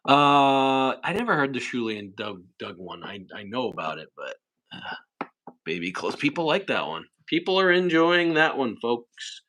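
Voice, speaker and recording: A young man hosting a casual livestream, rambling through chat questions and sometimes breaking into shrill impressions. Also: sing-song, normal speed, sharp tone. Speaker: livestream host.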